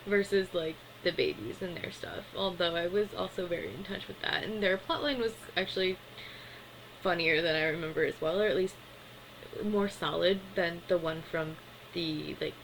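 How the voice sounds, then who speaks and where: A woman's voice: lowish voice, moderate pace, a little hiss or hum, rough recording. A woman casually recapping a cartoon episode in a chatty way, with lots of filler words. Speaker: cartoon reviewer.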